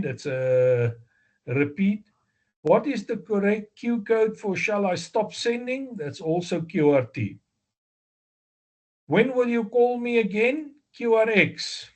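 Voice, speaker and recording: A man with a South African accent giving a slow, deliberate exam review lecture, explaining step by step with fillers and self-corrections. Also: high voice, sing-song, a little mellow. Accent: South African English. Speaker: amateur radio exam instructor.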